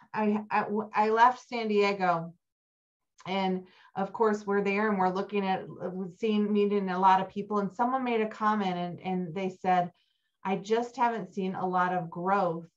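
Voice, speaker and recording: A middle-aged woman delivers a motivational keynote talk, telling stories with animated energy and climbing high when excited. The recording is dull and lo-fi.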